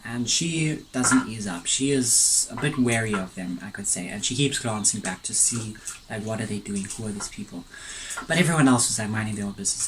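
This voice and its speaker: A mukbang vlogger at home tells a story casually between bites, chatty and rambling into side notes as he eats and tastes his food. His voice is medium-pitched, with a noisy background.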